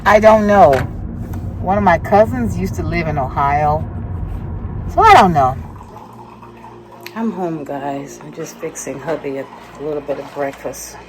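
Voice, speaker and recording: Middle-aged cali woman vlogging, low voice, rambly chatty, car noise behind. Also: unhurried, pauses often, a little mellow, low-quality recording. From California. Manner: chatty, rambling, self-laughing. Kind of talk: casual chat to camera. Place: car, then home kitchen.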